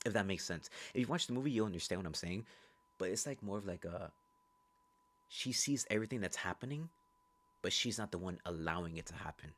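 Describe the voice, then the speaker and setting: A man giving a casual, rambling, profane recap of a movie, telling the story fast. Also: sits low, animated, a bit bright. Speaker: movie reviewer.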